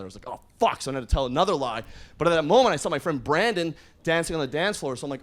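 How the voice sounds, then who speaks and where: Animated man telling a stand-up story. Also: fairly high pitch, fast talker. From Canada. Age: 30s. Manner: animated, acts out characters, laughs through lines. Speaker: stand-up comedian. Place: comedy club stage, live audience.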